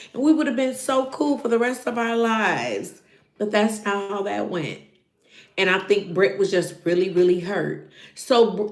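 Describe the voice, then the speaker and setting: A woman's voice: fairly high pitch, roomy sound. A woman hosting a casual recap show, talking animatedly to her viewers and acting out what people said. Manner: animated, acts out quotes, talks to viewers. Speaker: show reviewer host.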